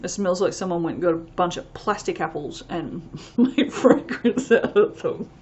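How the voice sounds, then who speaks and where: A woman's voice: on the low side, animated, normal speed, a little mellow. A woman chatting casually as she reviews soap fragrances, rambling and reading product blurbs aloud. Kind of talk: casual unboxing chat.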